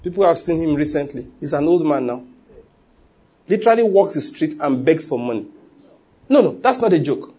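A man preaching a sermon in an animated way, full of laughing asides and acted-out quotes. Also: fairly high pitch, moderate pace, long pauses, slightly rough.

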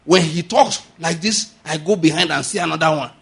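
A man pastor preaching a sermon, swinging between quiet asides and sudden loud, high emphasis. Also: fairly quick, gravelly, breathy edge. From Nigeria.

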